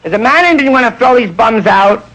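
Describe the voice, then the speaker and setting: A man around forty, doing a rambling stand-up routine in a nightclub and jumping into loud character voices. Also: very high voice, animated, fast, rough recording. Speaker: stand-up comedian. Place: nightclub stage before a live audience. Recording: faint hiss, old 1960s live recording.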